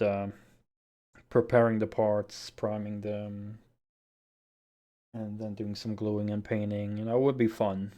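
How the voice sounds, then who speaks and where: A man's voice: mid-range voice, gravelly, darkish tone. Rambling male streamer signing off. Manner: rambling, hesitant, with many fillers. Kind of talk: casual stream sign-off chat.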